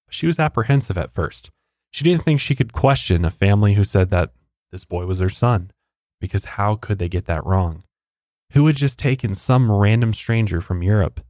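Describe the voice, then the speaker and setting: Male true-crime podcast host, low voice, dry close sound, chatty. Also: a little mellow, no echo. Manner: conversational, incredulous asides. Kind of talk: casual true-crime narration and chat.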